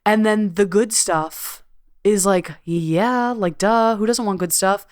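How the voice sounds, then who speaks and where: A middle-aged woman hosting her own podcast, talking candidly and swearing freely, with humming pauses. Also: medium pitch, dry recording, studio quality. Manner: candid and swearing freely, with laughs and drawn-out hums. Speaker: podcast host and coach. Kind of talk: casual solo podcast monologue. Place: at home recording a podcast.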